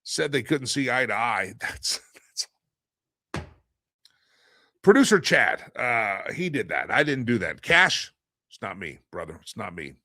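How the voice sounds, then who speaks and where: A man's voice: medium pitch, sing-song, moderate pace, pushed and bright, dry recording. A middle-aged man hosting a daily live stream in a casual monologue, rambling, repeating himself and restarting sentences, with the odd chuckle. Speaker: show host.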